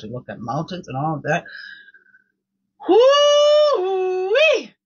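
A woman's voice: low-pitched, husky, muffled recording. A woman hosting her own daily reflection show, reading quotes and chatting casually, often repeating words and asking "right?".

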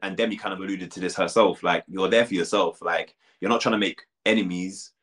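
A man's voice: deep voice, steady tone, fairly quick, fairly bright tone. A young British man talking candidly as an interview guest, with many fillers and restarts. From United Kingdom. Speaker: reality show contestant, guest. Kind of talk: casual interview chat.

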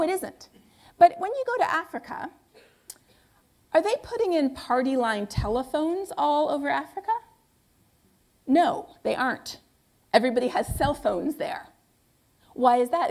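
A woman's voice: sits high, darkish tone. A woman giving a public lecture with slides. She talks in a conversational, emphatic way and often asks rhetorical questions that she answers herself. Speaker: guest lecturer.

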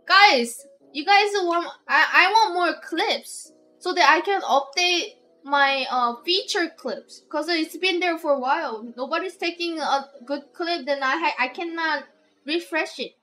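Woman, high and sharp-toned, giggly rambling stream chat. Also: unhurried, soft background music. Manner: rambling, giggly, lots of restarts. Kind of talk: casual live-stream chat.

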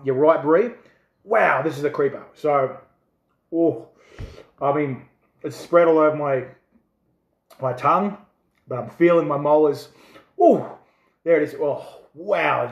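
A man reviewing hot chili jerky, excitable and swearing as the heat builds. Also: mid-range voice, echoey room. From Australia. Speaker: food reviewer. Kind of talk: casual chili review vlog.

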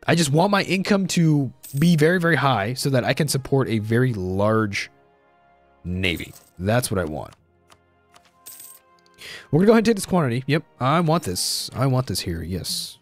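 A man's voice: medium pitch, big pitch swings, moderate pace, pauses often, dry recording, faint music behind. A young man giving casual let's-play commentary on a strategy game, thinking aloud, repeating himself and saying "dude".

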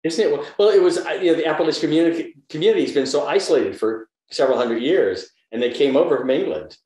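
A man's voice: fairly high pitch, fast. A man in his seventies, an actor being interviewed over a video call, telling stories animatedly and acting out the people he quotes. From American South. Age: 70s. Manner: animated anecdote teller who acts out quoted voices. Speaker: actor guest. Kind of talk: casual interview storytelling. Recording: roomy echoey room.

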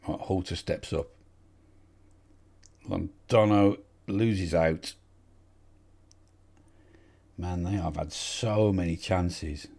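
A man talks through a football management game in a rough, gravelly voice with a dark, husky tone. He is excitable and swears freely, shouting encouragement and complaints at players who cannot hear him. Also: low voice, drawn-out words, long pauses. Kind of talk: casual live game commentary.

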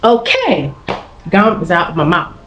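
A woman's voice: lowish voice, very animated, measured pace, background noise. Chatty young woman from Ghana. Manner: chatty, laughing, rambling with many fillers. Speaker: YouTuber. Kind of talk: casual story time. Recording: echoey room with faint ambience.

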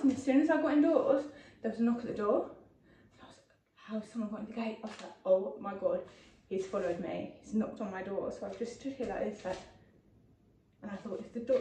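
A woman's voice: fairly high pitch, darkish tone. A young woman, chatting casually to her vlog camera in a rambling, self-deprecating way. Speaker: vlogger. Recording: echoey, distant mic, faint noise.

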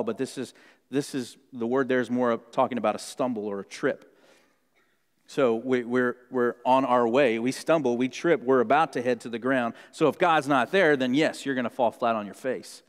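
A male pastor delivers an earnest sermon, repeating key lines so they sink in. His voice sits a little higher than most men's. It rings out with a long reverb through the church sanctuary. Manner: earnest, repeats key phrases, shifts pitch for quotes.

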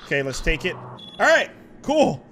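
A man playing a video game, commenting to viewers in a chatty, excitable way and talking back to the game. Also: high voice, measured pace, slight background noise. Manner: excitable, talks to the game, rises to loud outbursts. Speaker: gaming YouTuber. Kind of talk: let's play commentary. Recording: music from the game behind the voice.

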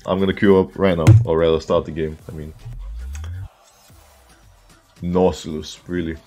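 A man with a very low, deep voice talks his way through a live game, reacting loudly, laughing and chatting with his viewers. Soft music plays behind him. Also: normal speed. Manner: excitable, laughing, talks to chat. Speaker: streamer playing a game. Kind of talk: casual live game commentary.

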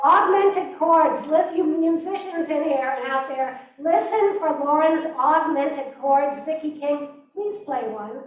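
A woman's voice: high voice, measured pace, hardly any pauses, over music. A woman musician speaking to a recital audience with enthusiasm. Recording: echoey hall, mic from far off.

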